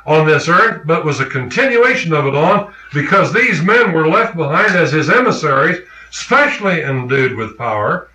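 Male preacher, slightly high, emphatic sermon delivery, echoey church sound. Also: big pitch swings, normal speed, few pauses, bright, forceful tone. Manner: emphatic, questioning the congregation.

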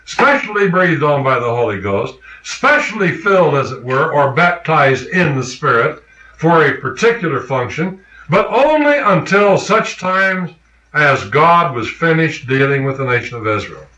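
A man's voice: fairly high pitch, very animated, measured pace, bright, forceful tone. Emphatic preacher man in an echoey room. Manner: emphatic, questioning the congregation. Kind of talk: sermon.

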